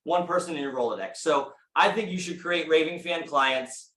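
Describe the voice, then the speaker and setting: A man giving an energetic motivational talk to a live audience, telling stories and asking the room questions. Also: a little high, normal speed. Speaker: speaker at a real estate meeting. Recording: echoey room.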